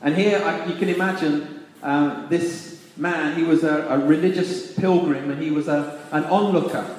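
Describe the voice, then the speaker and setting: A man preaching a sermon, reading scripture and then reflecting on it with restarts and pauses. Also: on the high side, fairly even intonation, darkish tone. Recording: echoey hall reverb.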